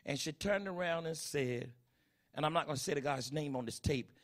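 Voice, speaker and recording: A man's voice: fairly high pitch, brisk. A middle-aged man preaching a sermon as pastor, emphatic and full of rhetorical questions to the congregation.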